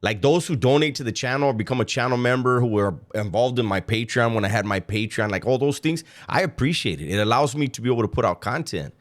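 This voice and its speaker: A man's voice: mid-range voice, fast, few pauses. A man giving reaction commentary on a played clip, sarcastic and mocking, with a casual storytelling manner.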